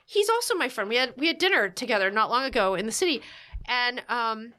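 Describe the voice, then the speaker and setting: A woman telling a story in relaxed podcast conversation. She talks with quick asides and plays out quoted lines as she goes. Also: fairly high pitch. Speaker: guest telling a marriage story. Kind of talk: casual podcast chat.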